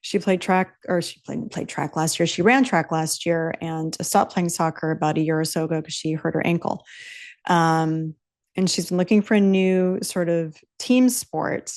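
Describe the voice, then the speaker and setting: With a darkish, fairly low voice at normal speed, a fifties-aged woman delivers solo motivational talk as a podcast host. Her style is blunt and emphatic, with plenty of swearing and key phrases repeated for impact.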